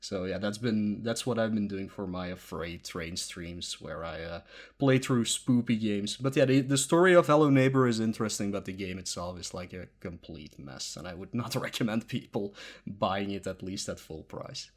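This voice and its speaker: Sleepy, halting podcast co-host man. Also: lowish voice. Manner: halting, lots of um and uh fillers. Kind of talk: casual chat.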